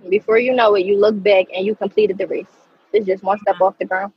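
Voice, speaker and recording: Husky-voiced young woman, earnest testimony. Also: medium pitch, little pitch movement, brisk, lo-fi sound. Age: 20s. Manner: earnest, emphatic, speaks from the heart. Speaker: guest speaker. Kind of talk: heartfelt personal testimony.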